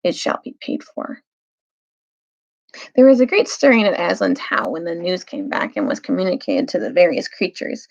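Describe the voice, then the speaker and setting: A woman's voice: lowish voice, huge pitch swings, brisk, hardly any pauses, a little mellow. A woman, a teacher, reading a storybook aloud and stopping to explain words to young listeners. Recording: dull lo-fi recording.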